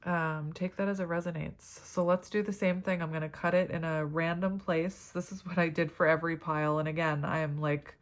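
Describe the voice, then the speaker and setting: A woman's voice: low voice, fairly even intonation, fairly quick, few pauses. A woman giving a tarot reading to camera, chatty and rambling, with many fillers and side stories. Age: adult parent. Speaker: tarot reader.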